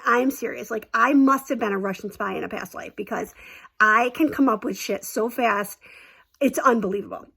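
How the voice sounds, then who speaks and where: A chatty woman spins a teaching story with plenty of fillers and big exaggerations. Her voice sits a little high, with a gravelly, creaky fry running through it. She sounds loose and offhand. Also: a bit bright. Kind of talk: casual storytelling.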